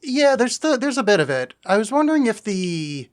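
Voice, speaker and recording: A man's voice: high voice, very animated, normal speed. A man co-hosting a podcast, chatting about a movie in a blunt, offhand way with casual swearing. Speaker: podcast co-host. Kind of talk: casual film-review chat.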